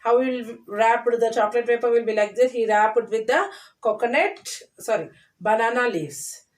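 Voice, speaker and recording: A woman teacher who reads a story aloud to children, then retells each line in simpler words with lively emphasis. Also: a little high, moderate pace, recorded from a distance, poor audio.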